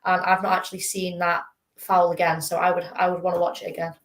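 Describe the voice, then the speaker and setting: A woman's voice: fairly low pitch, little pitch movement, fast talker, a crowd in the background. A woman on a fan panel, talking football casually and hesitantly, with lots of fillers. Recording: echoey room.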